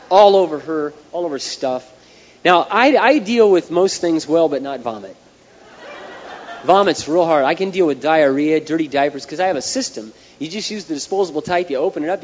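Male pastor, lively storytelling sermon, slightly high voice, dull echoey hall, faint hiss. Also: brisk. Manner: animated storytelling, numbered points.

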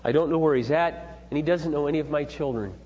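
A man's voice: on the high side, fast, in a large hall, muffled recording. A middle-aged man giving an earnest, emphatic, preachy talk on parenting, told through personal stories. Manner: earnest, emphatic, building to forceful points. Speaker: parenting speaker.

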